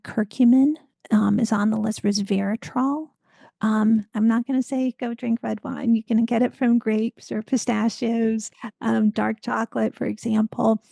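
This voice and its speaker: A woman guest expert in an interview, explaining health science in an informative, measured way. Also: on the high side, creaky, mellow, dry recording.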